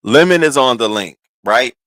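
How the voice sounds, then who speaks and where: Animated man telling a story casually. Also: medium pitch, moderate pace, dry recording. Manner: animated, restarts and stammers, swings into quoted voices. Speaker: streamer recounting online drama.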